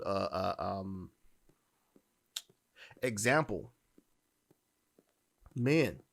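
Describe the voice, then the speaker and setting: A man's voice: high voice, fairly bright tone. Blunt, profane man ranting. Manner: blunt, profane, emphatic, with frequent restarts. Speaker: podcast host. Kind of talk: opinionated dating commentary.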